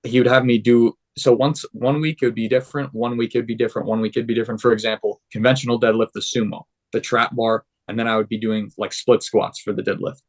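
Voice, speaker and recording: Casting: young adult man, podcast guest, animated storyteller with a mid-range voice. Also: mid-range voice, quick pace, few pauses. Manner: animated, acts out quoted dialogue. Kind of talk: casual storytelling.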